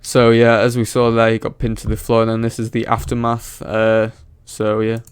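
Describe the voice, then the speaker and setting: A man's voice: on the low side, normal speed, background noise. A man giving sarcastic, profane commentary over a viral clip he is reacting to. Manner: mocking, profane, flat delivery.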